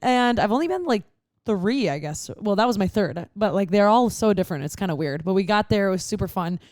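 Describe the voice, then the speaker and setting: A young woman hosts a casual podcast chat in a dry, close-up sound. She rambles through her stories and fills them with "like". Her pitch sits in an ordinary middle range. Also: animated, fairly quick, a little mellow, no room sound. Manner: rambling storyteller, heavy use of "like". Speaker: podcast host.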